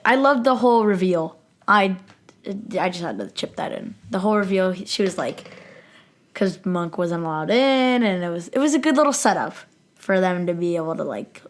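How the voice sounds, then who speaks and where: A woman co-hosting a podcast in casual chat, often laughing and chipping in with quick agreement. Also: medium pitch, expressive. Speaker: podcast co-host.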